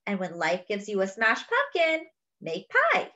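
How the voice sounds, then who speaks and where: A woman voicing a patient mother in a picture-book story, speaking gently and reassuringly. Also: mid-range voice, wildly swooping pitch, a little slow, highs cut off, heavily acted. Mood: comforting.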